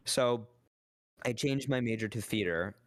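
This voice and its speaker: A man in his thirties, a voice actor guest, chatting casually and acting out quoted lines in lively voices. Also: mid-range voice, unhurried, a little hiss or hum. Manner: animated storyteller, acts out quotes in voices. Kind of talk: casual chat on a stream.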